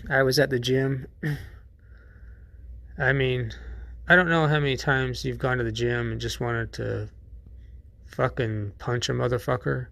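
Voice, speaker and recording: A man's voice: mid-range voice, fairly even intonation, measured pace, creaky, pauses often, fairly bright tone, no room sound. A man hosting a podcast in a casual monologue, rambling and profane, with many restarts. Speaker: podcast host.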